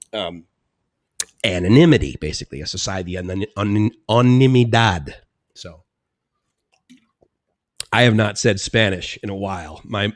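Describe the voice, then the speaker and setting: A man's voice: lowish voice, no room sound. A man hosting a casual live stream, chatting in a rambling way and laughing often as he reads out chat comments.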